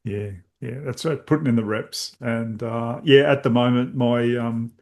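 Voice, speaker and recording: A man's voice: mid-range voice, steady tone, unhurried, darkish tone. A middle-aged man, a podcast host telling stories in casual conversation and acting out his own reactions.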